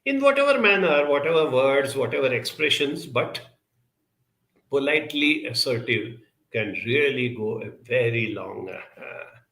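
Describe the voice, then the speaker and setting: A man gives a reflective advice talk, answering questions from his audience. His voice has a gravelly edge and a bright, forceful tone. He speaks deliberately and often pauses. The sound rings in an echoey room. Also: mid-range voice, expressive. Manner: measured, deliberate, with frequent "uh" pauses.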